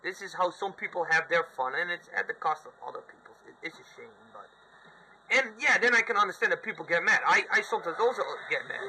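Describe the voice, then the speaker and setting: Slightly hoarse man rambling about games. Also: high-pitched, animated, fast, a little hiss or hum, low-quality recording. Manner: rambling and candid, with mock shouted outbursts. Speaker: gaming vlogger. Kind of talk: casual gaming vlog. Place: room at home, sitting on a couch.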